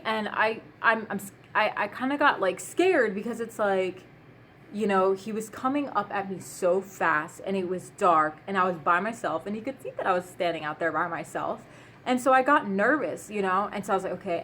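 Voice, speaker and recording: A woman's voice: mid-range voice, fairly bright tone, a little hiss or hum. A woman vlogger telling stories in a casual, chatty way, full of fillers and laughing asides. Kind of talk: casual storytime.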